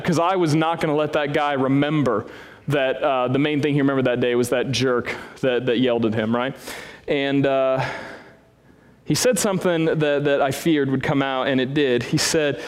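A man preaching as a pastor, telling a self-deprecating story with big swings in pitch. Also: normal speed. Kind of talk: sermon. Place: church hall with a congregation. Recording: long reverb of a church hall.

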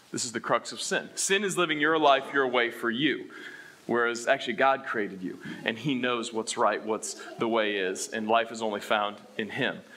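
Animated, bright-voiced male pastor preaching. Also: medium pitch. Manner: animated, asks the room questions, swings from loud to hushed. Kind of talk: sermon.

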